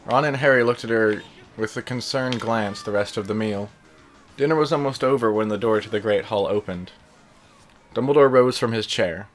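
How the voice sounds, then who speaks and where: A man's voice: lowish voice, moderate pace, faint music behind. A man reading fan fiction aloud while playing a game, in a casual, plain delivery broken by joking, distracted asides. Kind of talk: casual read-aloud over gameplay.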